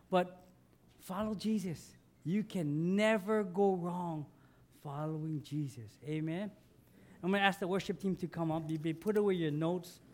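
A man preaching a sermon as pastor, conversational, asking his congregation questions and building to emphatic lines. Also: on the high side.

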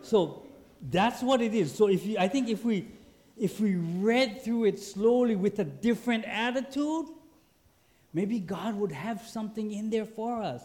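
Male preacher, high-pitched, lively storytelling sermon delivery. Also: measured pace. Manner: animated, acts out quoted voices. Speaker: pastor.

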